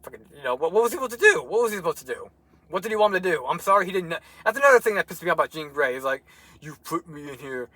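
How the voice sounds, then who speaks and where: A man's voice: sits high, very animated, racing, bright, forceful tone, no echo, poor audio. A young man in casual chat, ranting heatedly and swearing a lot as he co-hosts. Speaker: co-host.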